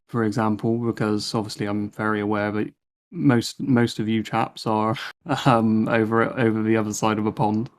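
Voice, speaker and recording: A man's voice: on the low side, flat delivery, normal speed. A man, talking in a casual podcast panel discussion, chatty and fond of tag questions.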